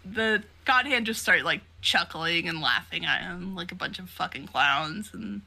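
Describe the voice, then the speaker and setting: A woman co-hosting a podcast in casual chat, animated, laughing often and swearing freely. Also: lowish voice, unhurried, creaky. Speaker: podcast co-host. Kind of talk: casual chat recapping a comic.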